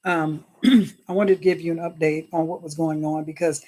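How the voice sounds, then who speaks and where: A woman's voice: sits low, normal speed. Chatty woman hosting a livestream. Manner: chatty, animated, greets viewers in chat; often invokes God and Jesus. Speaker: livestream host. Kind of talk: casual livestream chat.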